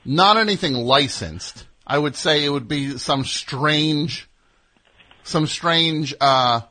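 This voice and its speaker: A man hosting a comedy call-in radio show, answering a caller in a dry, deadpan, halting way. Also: on the high side, no echo.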